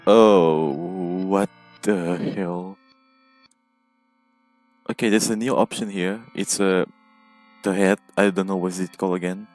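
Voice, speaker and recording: Playing a game alone at home, a man gives casual commentary into a headset microphone, jumpy and nervous with frequent startled exclamations. His voice is low, steady, and a little mellow, slow with many pauses, with no echo and soft background music.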